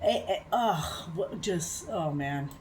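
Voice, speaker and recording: A woman's voice: fairly low pitch, animated, a little hiss or hum. A woman vlogger giving heated, profane reaction commentary, sipping a drink as she talks. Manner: profane, fast-rising ranting; drinking beer while talking.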